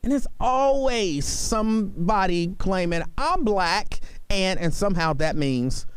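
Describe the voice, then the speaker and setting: A high-pitched man hosts talk radio from the studio, making an opinionated case with emphasis and driving it in by repetition. He speaks unhurriedly, and the studio mic renders his tone clear and resonant.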